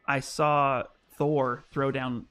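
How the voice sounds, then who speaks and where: A man hosting a casual gaming livestream, talking excitedly, laughing at himself, and rambling through his reactions. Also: medium pitch, very slow, clean tone, soft background music. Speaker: livestream host.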